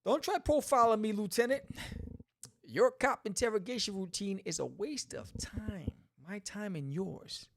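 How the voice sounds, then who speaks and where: A man voicing a tough, cold female bounty hunter who speaks curtly and forcefully in a comic read-along. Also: sits high, a little slow, creaky, voice pushed up, heavily acted.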